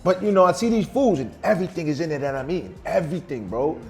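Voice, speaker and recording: A man's voice: a little high, expressive, quick pace. A middle-aged man, a vegan chef guest, talking in an emphatic, slangy, boastful way in a casual interview at a restaurant.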